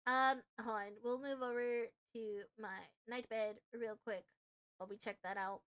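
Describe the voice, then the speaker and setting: Young female streamer, high bright voice, excitable and loud. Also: measured pace, clear, resonant tone. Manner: excitable, swearing, loud outbursts. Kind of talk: live reaction stream.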